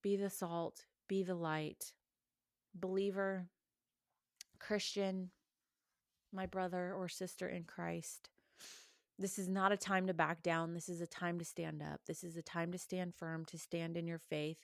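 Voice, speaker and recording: A woman's voice: lowish voice, little pitch movement, unhurried, gravelly, no room sound, studio quality. A woman giving an earnest, encouraging faith reflection, urging listeners directly. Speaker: Christian podcast host.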